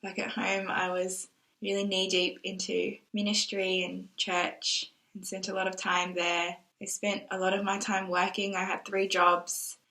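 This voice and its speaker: This exchange student vlogger, a young adult, speaks a little slowly at medium pitch with little pitch movement, her voice pushed and bright. Talking casually to camera, she thinks aloud in an anxious ramble and gets tearful at times. The audio is poor.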